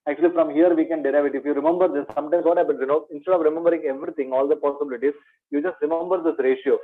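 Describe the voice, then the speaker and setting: A man's voice: fairly high pitch, steady tone, very fast, phone-quality sound. A man teaching an exam revision lecture in maths, repeating key points, asking rhetorical questions and calling his students "my dear".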